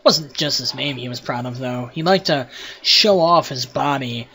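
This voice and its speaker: A man's voice: mid-range voice, moderate pace, pushed and bright. A man hosting a let's play, reading the game text aloud with wry, profane asides.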